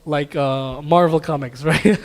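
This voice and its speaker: A man teaching a casual religious class at a mosque, telling stories with laughs and animated asides. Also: fairly high pitch, measured pace. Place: mosque hall. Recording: hall reverb.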